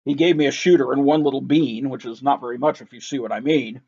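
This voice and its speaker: A man reading a rhyming picture book aloud in a lively, sing-song, rhythmic way. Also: medium pitch, quick pace, breathy edge. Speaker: reader. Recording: dull lo-fi recording.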